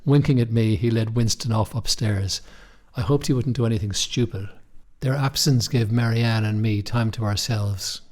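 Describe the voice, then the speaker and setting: A young man narrating a first-person story in a measured, wry way. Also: fairly low pitch, a little mellow. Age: young adult. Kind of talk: scripted audiobook narration.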